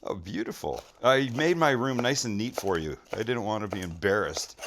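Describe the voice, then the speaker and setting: A man's voice: fairly low pitch, lively intonation, moderate pace, gravelly, a bit bright, slight background noise. A middle-aged man hosting a casual cooking vlog from a hotel room, chatty and joking as he chops. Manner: joking, chatty, talks while cutting. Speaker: cooking show host.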